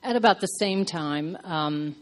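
A woman from Pennsylvania sharing her side of a marriage testimony, soft-spoken and hesitant. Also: lowish voice, unhurried, slight background noise. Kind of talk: testimony to a church audience.

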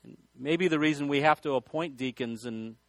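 A man's voice: medium pitch, moderate pace, no room sound. A male pastor preaching a sermon, telling folksy stories and often restarting his sentences. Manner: folksy storytelling with repeated restarts.

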